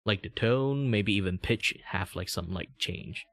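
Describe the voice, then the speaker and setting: A man in his thirties with a Malaysian English accent rambles through casual stream chat, and he pushes his tone up on purpose. His natural pitch still sits a bit low. The recording is close and dry. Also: a bit bright, no room sound. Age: 30s. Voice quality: deliberately raised speaking tone. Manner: rambling, meandering explanations. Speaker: VTuber streamer.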